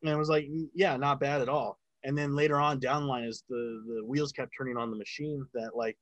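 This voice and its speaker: A man's voice: mid-range voice, steady tone, fairly quick, dry recording, poor audio. A man in casual chat, telling a long story about working sound on a film set, with lots of filler words and swearing.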